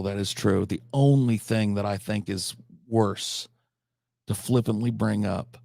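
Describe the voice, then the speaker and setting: A man's voice: on the low side, vocal fry, darkish tone, no room sound, clean studio sound. A man streaming a game live, talking to his chat in a profane, mock-serious, theatrical way. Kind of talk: casual live-stream chat while gaming.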